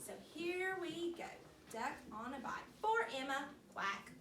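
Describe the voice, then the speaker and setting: Young woman teacher reading a storybook to little kids, super animated, far from the mic in an echoey classroom. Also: sits high, measured pace. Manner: animated and encouraging, asks the class questions. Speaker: kindergarten teacher. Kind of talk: reading a picture book aloud to a class. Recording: roomy classroom from far off with noise.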